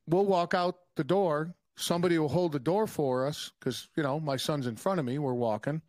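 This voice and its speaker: Man, young adult, podcast guest, animated profane storyteller, dry close mic. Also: on the high side, normal speed, dry recording. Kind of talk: casual podcast chat.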